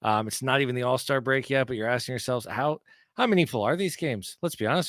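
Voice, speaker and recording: A man's voice: mid-range voice, fast, a bit bright, dry recording, clean studio sound. A man co-hosting a sports podcast in a casual chat, with a wry, sarcastic, cheeky manner. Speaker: podcast co-host.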